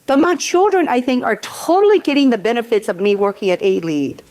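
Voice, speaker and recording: A woman's voice: fairly high pitch, animated, brisk, a little mellow, dry recording. A middle-aged woman speaking as a panelist at a workshop, talking candidly and earnestly in a conversational way, often restarting her sentences. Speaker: panelist, community program leader. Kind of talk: panel discussion talk.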